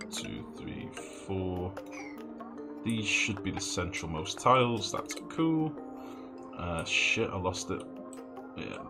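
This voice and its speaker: A man with a low, deep voice streams a game from home, thinking aloud and swearing casually as he plays. His delivery swings around lively. Clear game music runs under his voice. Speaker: gaming streamer. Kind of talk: casual live game commentary.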